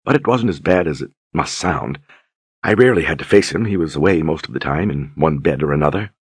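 A man voicing a soft-spoken, demure young noblewoman duchess in an audiobook, courteous and flattering. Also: very deep voice, brisk, breathy edge, no room sound, clean studio sound. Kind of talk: audiobook character reading.

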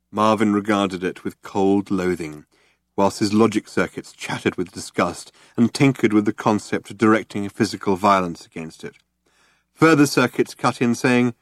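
A man narrating an audiobook in a measured, dry storytelling manner. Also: on the low side, expressive, no room sound. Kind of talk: scripted narration.

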